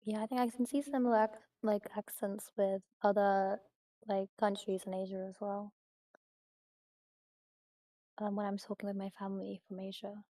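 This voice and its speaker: A woman's voice: mid-range voice, little pitch movement, moderate pace, long pauses, warm tone. A woman chatting casually as a stream guest, in an easygoing, agreeable way. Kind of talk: casual chat.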